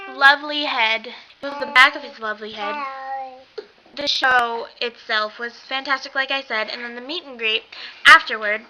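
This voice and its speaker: A young woman vlogs from home, gushing and rambling with plenty of fillers. Her voice is very bright and sits a little high. The webcam audio is dull and lo-fi, with a faint hiss behind it. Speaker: vlogger. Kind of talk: excited casual vlog.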